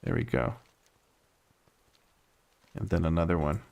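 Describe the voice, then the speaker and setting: Guy from croatia w/ an american accent, chill game stream chatter, kinda low voice. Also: measured pace, vocal fry, a little mellow. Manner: easygoing, explains as he plays. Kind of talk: casual gameplay commentary.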